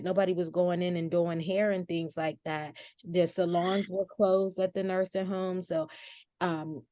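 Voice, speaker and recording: Low-voiced woman telling a personal story. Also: no room sound. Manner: expressive, with frequent restarts and self-corrections. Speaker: podcast guest and family caregiver. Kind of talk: casual conversational storytelling.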